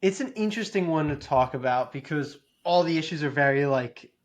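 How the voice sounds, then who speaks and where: A man co-hosts a podcast in easygoing conversation. His voice sits slightly above the usual male pitch. He talks in loose, hedging runs dotted with fillers. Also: lively intonation, a little fast. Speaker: podcast co-host. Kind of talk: casual chat.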